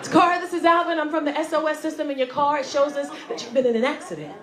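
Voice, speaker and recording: A woman voicing a calm male emergency call operator who talks in a soothing, measured way and keeps repeating a name. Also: high-pitched, roomy sound, background noise, lightly acted.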